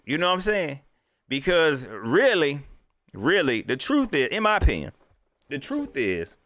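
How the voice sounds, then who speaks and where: A man rants as a sports fan host on a livestream, his fairly high voice leaping from loud exclamations to low mutters. He talks in loose colloquial speech and mocks coaches in put-on voices. The sound is close and dry. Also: clean tone, dry recording. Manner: animated, swinging between loud outbursts and low mutters; Southern colloquial speech, mocking impressions of coaches. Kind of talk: casual fan commentary to a livestream.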